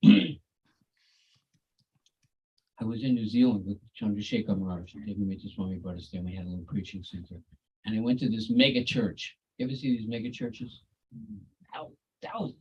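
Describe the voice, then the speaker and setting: A man tells a devotional story in a relaxed, chatty way, tossing in folksy asides. His voice is husky and sits at an ordinary pitch. The video-call sound is dull and lo-fi. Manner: conversational, folksy asides like "you know" and "cool, eh". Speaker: devotee giving a talk.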